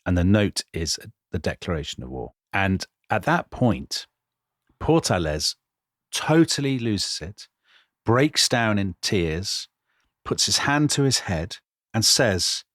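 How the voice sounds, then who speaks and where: Man, podcast co-host, lively storytelling, deepish voice, dry studio sound. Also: takes it slowly, dry recording. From Britain. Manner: animated, dramatizing quotes with voice changes. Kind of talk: conversational history storytelling.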